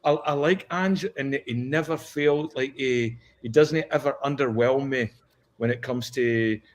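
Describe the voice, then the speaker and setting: A man with a middle-pitched voice chats eagerly on a football podcast. He rattles off one question after another as he builds his point. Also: measured pace. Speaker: podcast co-host. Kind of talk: casual football chat.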